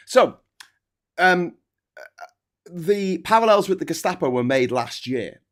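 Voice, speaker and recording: A man's voice: sits high, animated, measured pace, a bit bright. A man hosting a casual political chat show, sarcastic and mocking, swearing freely. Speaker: political commentary host.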